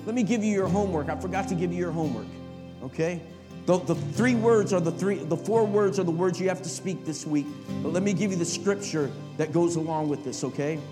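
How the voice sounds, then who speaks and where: High-pitched middle-aged preacher guy, gets loud and fired up, faint music behind. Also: a little fast. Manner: rising to shouted, impassioned preaching. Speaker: pastor. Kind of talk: sermon.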